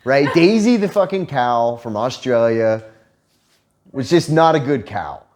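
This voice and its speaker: Joking, laughing man, lively pitch. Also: a little slow, a little hiss or hum. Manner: profane, joking, laughs often. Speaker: vlogger. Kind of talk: casual storytelling chat.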